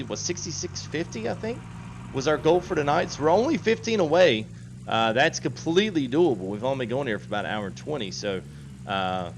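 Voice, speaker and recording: Man hosting a game stream, lively up-and-down voice, game noise behind him. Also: medium pitch, gravelly. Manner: chatty, laughs often, reads chat aloud. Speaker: gaming livestream host. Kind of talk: casual livestream chat.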